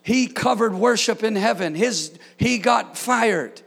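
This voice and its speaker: High-voiced gravelly man preaching a sermon. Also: slow pace. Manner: preaching with shouted emphasis and playful asides. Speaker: pastor. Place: church.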